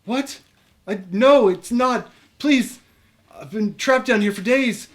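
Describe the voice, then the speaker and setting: A man doing a frantic trapped prisoner. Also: takes it slowly. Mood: desperate. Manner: high, frantic pleading. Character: trapped pleading male prisoner.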